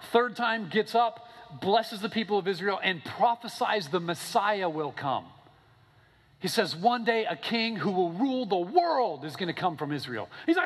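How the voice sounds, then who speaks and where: A man preaching a sermon in a casual, animated storytelling way, often checking in with "okay?" and "right?". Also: moderate pace, slightly rough. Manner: animated storytelling, acting out characters with big pitch swings. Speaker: pastor. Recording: long hall reverb.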